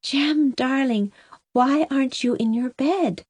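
A woman's voice: high voice, slow pace, a little mellow, slightly rough, no echo, pitched above the performer's own voice, full character voice. A woman doing a tender, loving mother. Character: gentle, loving young mother.

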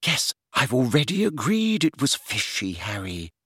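A man's voice: medium pitch, sing-song, normal speed, fairly bright tone, husky, dry recording, clean studio sound, pitched above the performer's own voice. A man voicing an impatient, clever teenage girl who keeps reasoning with a friend. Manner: impatient, repressive.

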